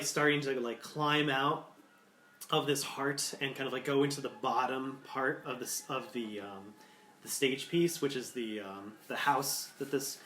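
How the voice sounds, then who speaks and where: Man, game master, rambling narration, bright tone, echoey room. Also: medium pitch. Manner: rambling, full of likes and ums. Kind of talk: improvised tabletop game narration.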